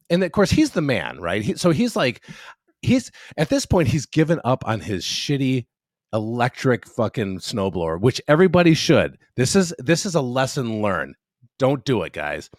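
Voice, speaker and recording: A man's voice: mid-range voice, no room sound, studio quality. A man in his fifties on a casual podcast chat, telling a long story, swearing freely and acting out what people said. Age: 50s. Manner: profane, animated storyteller acting out quotes. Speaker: podcast co-host.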